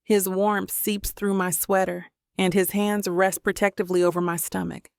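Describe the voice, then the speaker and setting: Gravelly woman narrating a romance audiobook. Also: medium pitch, little pitch movement, normal speed, no room sound, studio quality. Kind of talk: first-person romance narration.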